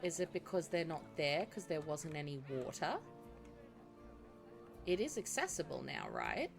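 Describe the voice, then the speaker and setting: A woman's voice: sits low, very animated, measured pace, creaky. A woman chatting casually while streaming a game, talking back to her viewers. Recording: music playing behind the voice.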